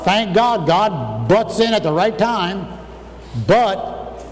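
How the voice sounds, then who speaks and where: A man with a high voice preaches a fervent sermon and shouts at its peaks. He is picked up from a distance in a hall with a long reverb. A faint room noise runs under him. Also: big pitch swings, takes it slowly.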